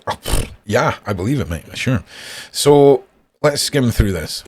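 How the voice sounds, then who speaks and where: A man's voice: medium pitch, big pitch swings, unhurried, breathy edge. A man from Scotland with a Scottish accent, narrating a feud and reading messages aloud in a sarcastic, mocking, profane way. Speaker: YouTuber.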